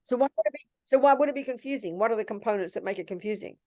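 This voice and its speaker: A woman's voice: fairly high pitch, rapid-fire, mellow, no room sound. An older woman, a Buddhist nun, teaching in a question-and-answer session, blunt and scolding but calling people darling.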